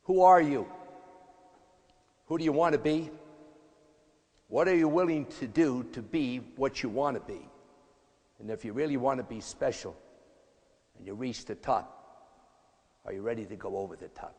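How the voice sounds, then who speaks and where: Gravelly man in his eighties speaking. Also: medium pitch, normal speed, long pauses, darkish tone. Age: 80s. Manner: punchy, emphatic, folksy. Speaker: motivational speaker, tennis coach. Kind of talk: motivational speech. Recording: echoey hall reverb.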